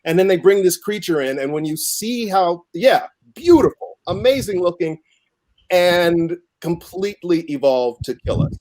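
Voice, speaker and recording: A man's voice: high voice, lively intonation, normal speed, darkish tone. Wry man riffing on a comedy talk show.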